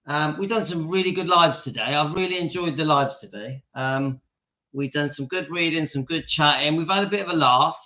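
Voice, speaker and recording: This man's voice is slightly high and bright, delivered at a moderate pace with a forceful edge. He's running a relaxed live stream indoors at home, repeatedly cracking up and turning aside to chat with his dog. The audio comes across dull and lo-fi.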